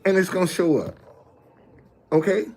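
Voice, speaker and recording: A man's voice: sits high, normal speed, darkish tone. A man talking casually to his viewers, explaining things step by step with emphasis and often checking that they follow. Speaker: street messenger and video host.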